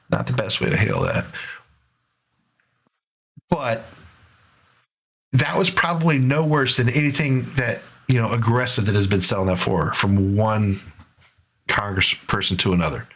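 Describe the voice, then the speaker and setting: A man at a middle pitch hosts his own commentary show and walks through footage step by step. His delivery is sarcastic and conversational, with fillers and restarts along the way. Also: normal speed, long pauses, a bit bright, breathy edge. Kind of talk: casual video commentary.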